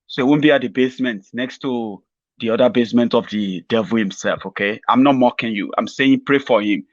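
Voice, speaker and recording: A man's voice: medium pitch, fairly quick, no room sound, highs cut off. A Nigerian man giving a rambling, mocking satirical political commentary to his viewers. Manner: mocking, rambling, chuckles at his own jokes.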